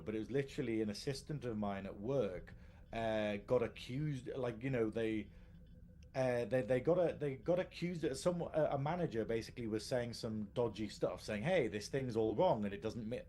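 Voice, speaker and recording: A man's voice: mid-range voice, normal speed, darkish tone. Podcast guy rambling on, laughs a lot, bit of faint hiss in the background. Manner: rambling, self-interrupting, laughs often. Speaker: podcast co-host. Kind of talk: casual live podcast chat.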